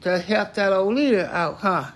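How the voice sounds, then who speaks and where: A man's voice: high-pitched, normal speed, fairly bright tone. Older man voicing a menacing Southern lawman. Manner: curt, menacing commands. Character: stern, threatening white Southern lawman, grown man.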